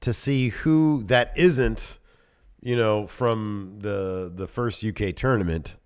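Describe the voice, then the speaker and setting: A man co-hosting a podcast in casual chat, laughing often and dropping into low trailing asides. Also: slow pace, clear, resonant tone. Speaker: podcast co-host.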